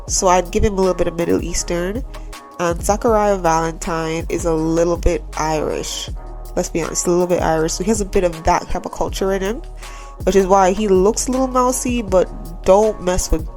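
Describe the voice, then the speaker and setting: A woman's voice: fairly low pitch, a little mellow. A tired woman chatting casually to her viewers as a gaming vlogger, rambling and repeatedly asking them to subscribe. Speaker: Sims YouTuber.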